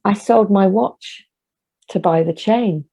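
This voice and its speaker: A woman's voice: medium pitch, slow pace, gravelly, warm tone, husky, exaggerated voice. A woman voicing a devoted young man in a told story, speaking plainly and resolutely. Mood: determined.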